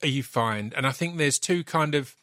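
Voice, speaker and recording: A man hosting a casual chat, enthusiastic and quick to agree, asking questions and sharing his own favourites. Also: mid-range voice, fairly bright tone.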